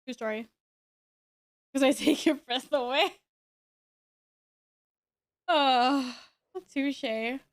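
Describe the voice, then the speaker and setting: A woman streams a game and chats with her audience in a loose, teasing way, laughing often. Her voice sits high. The sound is dry and close, with no room around it. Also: drawn-out words, long pauses, no echo. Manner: chatty, greets viewers and jokes with them. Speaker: live streamer. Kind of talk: casual live-stream chat while gaming.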